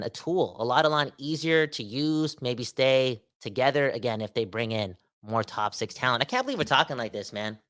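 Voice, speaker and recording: Animated Canadian man hosting a sports podcast. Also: medium pitch. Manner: animated, slangy, emphatic, repeats for effect. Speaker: podcast host. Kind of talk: casual sports podcast rant.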